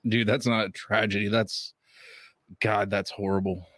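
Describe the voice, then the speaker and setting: Easygoing lower-voiced guest man. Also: little pitch movement, measured pace, a bit bright, dry recording. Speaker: podcast guest. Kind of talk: casual chat.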